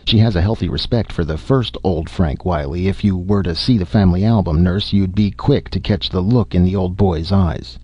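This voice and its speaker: A man doing a gruff teasing doctor, folksy, deep voice, dry close sound. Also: normal speed, hardly any pauses, darkish tone, dry recording, dull audio.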